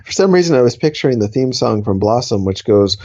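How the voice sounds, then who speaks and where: A man of middling pitch makes dry, deadpan asides during comedy podcast banter. His delivery stays even and understated. The sound is dull and lo-fi. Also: fast talker. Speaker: podcast co-host.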